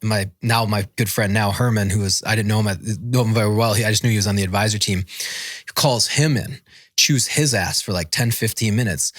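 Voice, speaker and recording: Man, 30s, former marine, casual rambling storytelling, acts out quotes, low pitch, dry sound. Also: fairly bright tone, no room sound. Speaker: podcast guest, former Marine.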